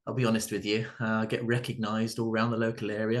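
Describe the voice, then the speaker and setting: A man in his thirties doing a stand-up set, halting and full of ums and restarts. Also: on the low side, flat delivery. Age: 30s. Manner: hesitant, many ums and restarts. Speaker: stand-up comedian. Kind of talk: stand-up routine at an open mic.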